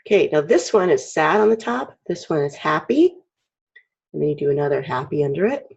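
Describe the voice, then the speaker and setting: A woman with a frog in her throat, chatty and clearing her throat often as she teaches a casual drawing lesson. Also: low voice, very animated, brisk, darkish tone. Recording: dull lo-fi recording.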